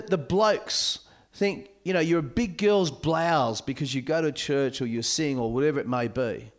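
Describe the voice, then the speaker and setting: A man giving a sermon at a youth camp, animated and joking with his listeners. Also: high voice. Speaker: camp speaker.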